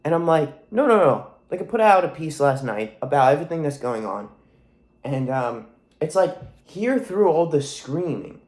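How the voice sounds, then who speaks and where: A young man in his twenties, his throat sore and his nose stuffy, talks in a soft voice that sits a little high for a man. He rambles to camera in a profane, emphatic way, swearing often and repeating himself. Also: lively intonation, moderate pace. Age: 20s. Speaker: vlogger. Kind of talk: casual monologue to camera.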